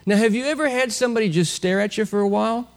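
This preacher's voice is high-pitched and fast as he works through an expository sermon. He's animated, packs his teaching with rhetorical questions, and lets out the occasional chuckle.

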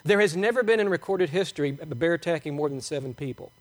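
A man preaching a sermon, animated and emphatic, asking the congregation rhetorical questions. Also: a little high, fast talker. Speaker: pastor.

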